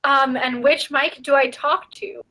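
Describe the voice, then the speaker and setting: A woman's voice: high-pitched, fairly even intonation, measured pace, sharp tone, low-quality recording. A woman player in a tabletop role-playing game, chatty and giggly, thinking aloud. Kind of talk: casual play chat.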